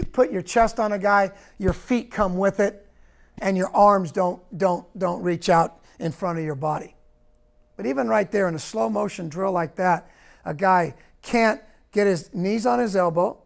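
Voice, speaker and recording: A man's voice: high voice, gravelly. A middle-aged man, a football coach, talking over practice film in clipped coaching cues and repeating words.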